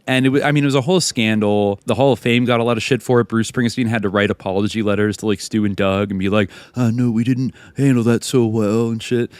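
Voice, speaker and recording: Swearing freely and acting out quoted people, this man co-hosts a podcast and tells a story in an animated, casual way. His voice is mid-range, and there's no echo.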